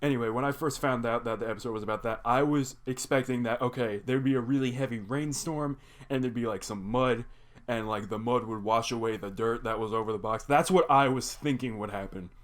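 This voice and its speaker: At a medium pitch and a slightly quick pace, a young man casually summarizes a cartoon episode for his reaction videos. He wanders off track and uses "like" as a filler over and over.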